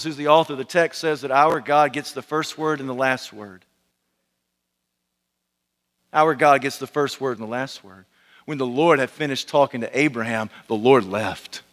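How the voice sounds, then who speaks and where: A male pastor delivers a sermon in a high, bright voice that rings out with the long reverb of a large hall. He hammers his points with repeated phrases and rhetorical questions, then drops to a slow hush on the key lines.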